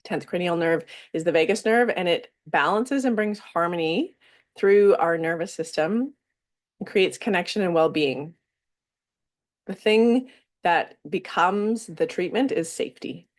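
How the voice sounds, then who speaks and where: A woman leading a somatic wellness workshop, explaining calmly and stretching out some words with pauses between phrases. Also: lowish voice.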